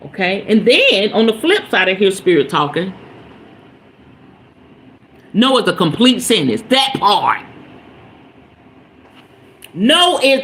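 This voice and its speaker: Animated woman preaching spiritual pep talk. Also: medium pitch, takes it slowly, long pauses, low-quality recording. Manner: emphatic, preachy, talks straight to listeners. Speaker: spiritual podcast host.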